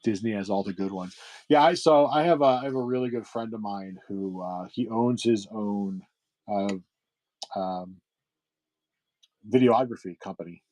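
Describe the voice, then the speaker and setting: A man's voice: on the low side, normal speed, pauses often, a little mellow, low-quality recording. A middle-aged man hosting a livestream sale, chatting casually with viewers, rambling with lots of fillers and restarts. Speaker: livestream seller host.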